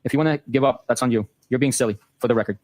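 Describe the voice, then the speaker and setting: A man hosting a show, reading a long exchange of text messages aloud in a brisk, matter-of-fact way. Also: mid-range voice, a little mellow, no echo. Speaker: host.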